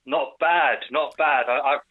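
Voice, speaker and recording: A man's voice: medium pitch, steady tone, a little slow. A man calling in to a live chat show, casually explaining things with lots of ums. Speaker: caller. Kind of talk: phone-in chat. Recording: tinny phone line.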